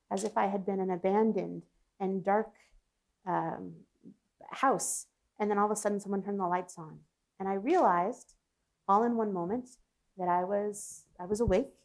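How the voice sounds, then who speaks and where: A woman psychologist speaking as an interview guest, telling a personal story in an earnest, reflective way. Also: medium pitch. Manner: earnest, reflective, with frequent restarts and laughs.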